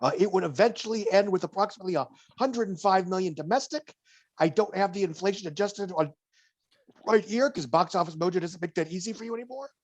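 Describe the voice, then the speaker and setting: A man's voice: high voice, fast talker, darkish tone. A man co-hosting a podcast, giving a box office report in casual chat, wry and digressive, slipping dry jokes between figures.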